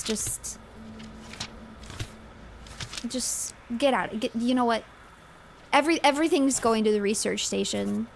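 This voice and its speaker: A woman streaming a horror game, reacting in an animated, exasperated way and reading its dialogue aloud. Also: fairly high pitch, moderate pace, gravelly, a little hiss or hum. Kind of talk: live game commentary.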